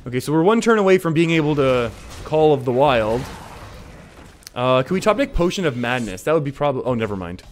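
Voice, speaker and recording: A young Canadian streamer with an English Canadian accent and medium pitch casually commentates a card game, reading viewer comments and laughing often.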